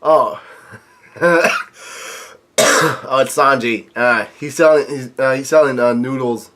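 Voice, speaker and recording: Halting man reading a manga aloud. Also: mid-range voice, a bit bright. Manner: halting, many restarts and filler sounds. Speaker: manga reaction host.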